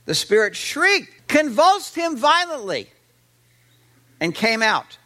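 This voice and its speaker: Lively, high-voiced male preacher. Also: slow. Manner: animated, with many fillers and restarts. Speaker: pastor. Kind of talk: sermon.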